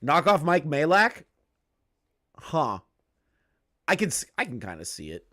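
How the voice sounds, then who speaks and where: A man's voice: fairly high pitch, huge pitch swings, measured pace, fairly bright tone. Swearing, incredulous young man ranting. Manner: incredulous ranting, swears a lot, laughs often. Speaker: streamer reacting to a clip. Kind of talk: profane reaction commentary.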